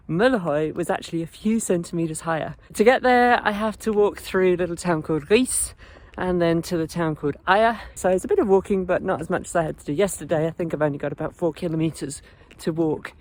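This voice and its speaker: A woman's voice: on the low side, fairly quick, darkish tone. A woman narrating a casual walking vlog outdoors in a chatty, wry, easily amused way. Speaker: travel vlogger. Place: outdoors, walking through countryside.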